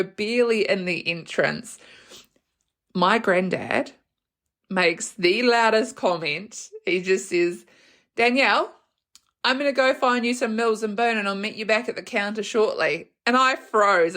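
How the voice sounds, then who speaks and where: Animated New Zealand woman telling stories. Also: lowish voice. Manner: animated, laughs often, acts out quoted voices. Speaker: podcast host. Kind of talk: casual storytelling.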